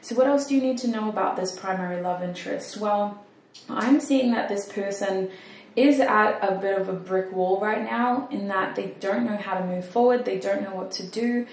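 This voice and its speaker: A woman's voice: mid-range voice, normal speed, recorded from a distance. A woman giving a casual, chatty tarot reading, thinking aloud and poking fun at herself. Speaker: tarot reader. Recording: roomy echo, mic set back, faint noise.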